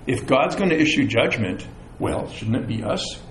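A middle-aged man preaching a sermon as pastor, animated, with chatty asides and self-deprecating humor. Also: mid-range voice, moderate pace, a little hiss or hum. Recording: echoey room with faint ambience.

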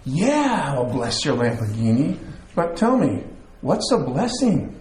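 A man's voice: on the high side, sing-song, slow pace, a little mellow. A man voicing a breezy woman pastor who rattles off car facts, heard with a roomy echo. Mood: chirpy.

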